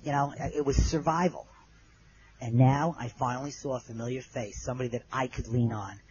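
A middle-aged man telling a personal story in an earnest way. His voice goes low and soft at the moving parts. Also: steady tone, fairly quick, highs cut off, a little hiss or hum.

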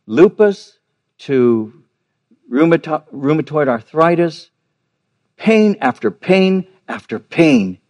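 A man's voice: on the high side, a little mellow. Older man preaching an earnest sermon. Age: 50s or older. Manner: earnest storytelling, repeats words for emphasis, often slows down on key phrases. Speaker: pastor.

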